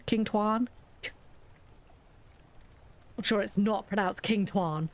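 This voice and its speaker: A woman's voice: mid-range voice, moderate pace, few pauses. A woman with a British accent chatting and joking as she plays a game for viewers. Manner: chatty, joking, self-mocking. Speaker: streamer. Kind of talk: casual game commentary.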